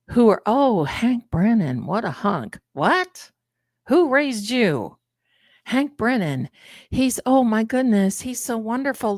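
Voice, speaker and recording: A woman's voice: on the low side, no echo, studio quality. A woman hosting a casual live stream, chatting animatedly with her viewers and calling them her loves. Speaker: livestream host.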